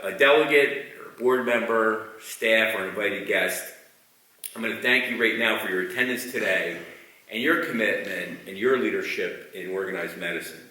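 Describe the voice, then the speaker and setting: Deep-voiced man urging a hall to act. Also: pushed and bright. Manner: urging the audience to take action. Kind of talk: formal speech to delegates. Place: large meeting hall. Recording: echoey hall, distant mic.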